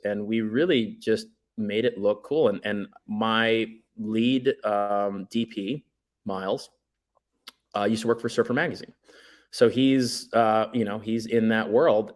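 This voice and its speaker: A man with a lowish voice talks in a relaxed, meandering way. He is a guest on a casual podcast, trailing off and restarting as he tells his stories. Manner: rambling, laid-back storytelling with many fillers. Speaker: guest, documentary writer and director.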